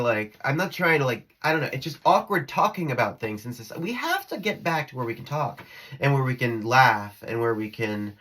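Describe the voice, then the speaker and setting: A man with a medium-pitched, slightly bright voice speaks into his phone camera for a spiritual vlog. He rambles from topic to topic, giggling and restarting his sentences.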